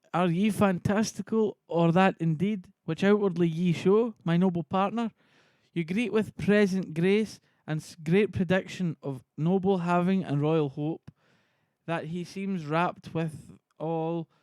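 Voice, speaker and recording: A man's voice: high-pitched, darkish tone, dry recording, studio quality. A man reading the part of a wary noble soldier in his own accent, stumbling over the lines.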